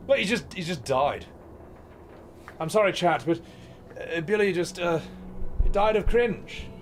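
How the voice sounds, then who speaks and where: A man chatting casually on a live stream, with a voice that swings up and down in lively fashion. He jokes, swears freely and slips into soft baby talk, with faint music in the background. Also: a little high. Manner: playful, swearing, baby talk to his cat.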